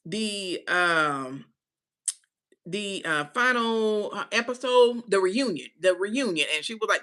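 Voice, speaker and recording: A woman with a bright, forward voice chats through a casual live commentary. She talks in an animated, slangy way, checking in with listeners again and again. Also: lowish voice, a little slow. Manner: chatty, animated, slangy with "baby" and "right?". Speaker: host.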